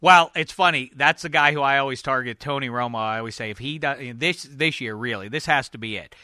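Bright-voiced jokey male podcast host. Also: mid-range voice, a little fast, dry recording, clean studio sound. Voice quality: animated, jokey, with many uh fillers. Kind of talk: casual sports podcast banter.

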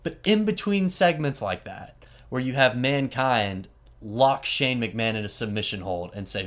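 A man host casually retelling a story, animated and chatty, with frequent asides and fillers. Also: mid-range voice, normal speed.

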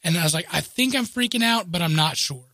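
Middle-aged man, bright and forceful tone, dry close sound, self-mocking storyteller. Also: sits high, quick pace, dry recording. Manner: animated, self-mocking, voices others in quotes. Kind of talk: casual storytelling.

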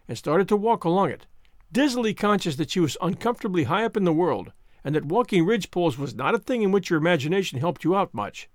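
A man narrating an audiobook in an expressive, measured reading. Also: high voice, dry recording, studio quality.

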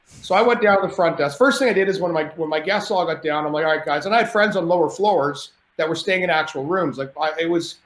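A man telling a wild party story as a podcast guest, talking in a lively, profane, rambling way from a cottage. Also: fairly high pitch, fast, echoey room, poor audio. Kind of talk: animated storytelling.

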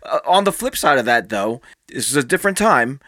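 Bright-voiced male interviewer, dry sound. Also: mid-range voice, big pitch swings, fairly quick, no echo. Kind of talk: interview questions.

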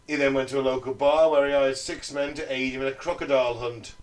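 A man, a podcast co-host, telling a dark story in a sweary, joking way to friends. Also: medium pitch, fairly even intonation, fast, distant mic, low-quality recording. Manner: sweary, jokey, laughs mid-story.

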